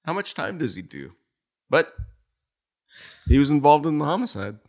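A man who spent decades as a police officer tells war stories in a relaxed interview. His pitch rises and falls a lot as he goes, and he keeps breaking into laughter and tossing in casual swearing. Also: moderate pace, gravelly. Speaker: retired police officer guest.

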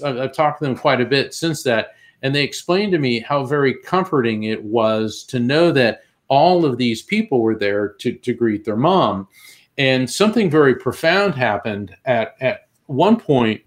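A man who is a guest on an interview show and tells a long story vividly, acting out the voices of the people he quotes. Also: medium pitch. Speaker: guest, medium.

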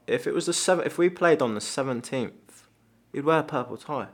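A man's voice: brisk, heavy background noise. A man, a former professional footballer, telling anecdotes in casual chat and swearing freely. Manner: anecdotal, swears freely, quotes others in lowered voice.

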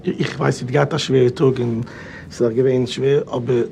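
A man acting an insistent older man in a film scene, speaking quickly and gruffly. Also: mid-range voice, level tone, dark tone, a little hiss or hum, natural voice.

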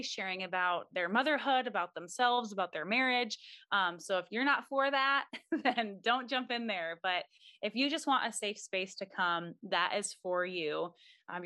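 A woman's voice: medium pitch, normal speed, sharp tone, no room sound, studio quality. A young woman, a mom, giving earnest and encouraging faith-based advice as a podcast guest. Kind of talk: casual interview talk.

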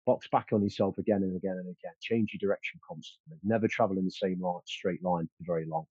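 Man, husky, boastful storyteller, dry muffled recording. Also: low voice, quick pace, a little mellow, no echo. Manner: confident, boastful, frequent fillers and restarts. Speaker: interview guest. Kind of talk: casual storytelling.

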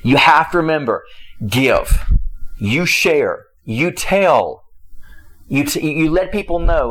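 A man's voice: a little high, expressive, slow pace, a bit bright. A man preaching a conversational sermon, emphatic and repetitive, often breaking off with a rhetorical "hello?" and chuckling as he talks. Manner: chuckles while speaking.

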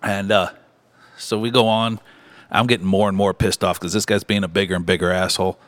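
A man with a Midwestern American accent, a bar owner telling a story in casual podcast chat, animated and swearing freely. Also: sits low, a little fast.

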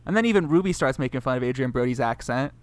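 A man co-hosting a casual film-recap podcast, telling the story in an animated way and acting out characters' lines. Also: mid-range voice, very fast, clean tone, no room sound. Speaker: podcast co-host.

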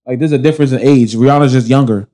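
A tipsy man co-hosting a casual chat, talking in animated slang. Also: mid-range voice, very fast. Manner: animated, slangy, sings snippets.

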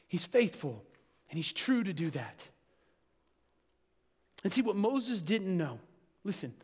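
A male pastor preaching a sermon to his congregation, building to loud, emphatic passages. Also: sits high, sing-song, slow, pauses often, breathy edge, big-room sound.

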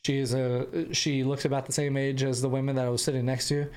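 A man's voice: medium pitch, flat delivery, a little fast, darkish tone. A young American man hosting a podcast, telling a travel story casually with rambling restarts and bursts of laughter. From United States. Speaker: podcast host.

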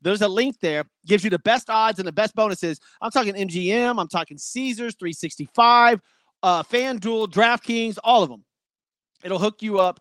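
Man, sports podcast host, casual betting talk, higher voice, dry room. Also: fairly bright tone, no echo. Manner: loose, chatty, apologetic about glitches; rattles off matchups and picks. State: breathing heavy.

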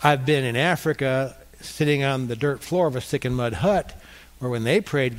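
A man's voice: mid-range voice, normal speed. A middle-aged male pastor preaching a conversational sermon, getting the congregation to respond.

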